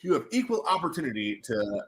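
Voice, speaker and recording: A man hosting a casual livestream at home, running prize wheel spins in a goofy, animated way and slipping into silly voices. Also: mid-range voice. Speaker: livestream host running giveaways.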